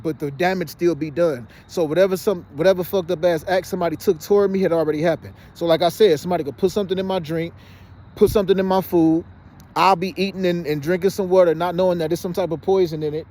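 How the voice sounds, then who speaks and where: Man, fast, fairly high voice, insistent, outdoors, phone-recorded. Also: dark tone. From Detroit, Michigan. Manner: rapid and insistent, often says "you know what I'm saying". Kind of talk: casual monologue to camera. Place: outdoors by a fenced exercise area.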